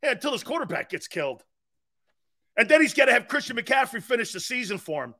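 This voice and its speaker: A man hosting a sports talk show, ranting and mocking, shouting in bursts and laughing at his own jokes. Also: very high-pitched, big pitch swings, fast. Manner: shouts in bursts between quieter asides.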